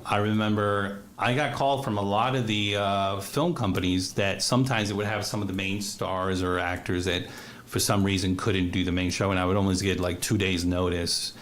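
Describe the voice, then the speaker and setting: A man, an actor and casting director, telling lively anecdotes in a casual interview with frequent laughter. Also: sits low, moderate pace, a little hiss or hum. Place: radio studio or streamed call.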